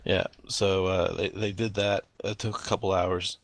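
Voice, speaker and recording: Deep gravelly-voiced man, chatty player. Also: little pitch movement, moderate pace. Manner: chatty, rambling. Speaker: tabletop game player. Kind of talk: casual chat over online voice chat.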